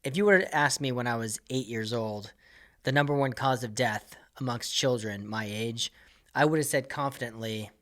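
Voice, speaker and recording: A comedian and podcast host, a man, rants in an exasperated comic monologue and swears freely as he goes. His voice sits at an ordinary middle pitch. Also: moderate pace, fairly bright tone. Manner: exasperated, profane ranting.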